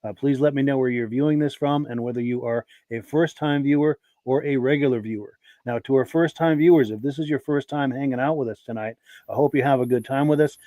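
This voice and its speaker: Gravelly guy hosting a podcast, bit of a cough, mid pitch, dry close sound. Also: warm tone, no echo. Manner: friendly, talks straight to viewers. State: lingering cough. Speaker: podcast host. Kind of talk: live podcast chat.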